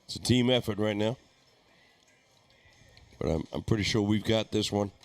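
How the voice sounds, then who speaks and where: A man's voice: lowish voice, normal speed. A man giving easygoing, chatty live play-by-play commentary at a darts tournament. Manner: easygoing, chatty, laughs easily.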